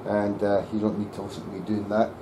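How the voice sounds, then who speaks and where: A man working as a luthier, muttering to himself as he sets up a bass in his workshop. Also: level tone, fast talker, background noise. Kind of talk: workshop commentary.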